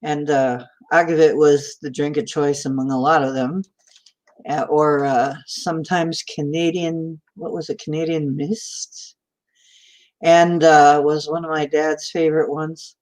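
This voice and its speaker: A radio-trained woman with a flat Midwestern announcer accent, hosting a casual livestream and chatting with viewers as she reads their comments, laughing often. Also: low-pitched, unhurried. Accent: flat Midwestern American, announcer style. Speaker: host of a spiritual livestream.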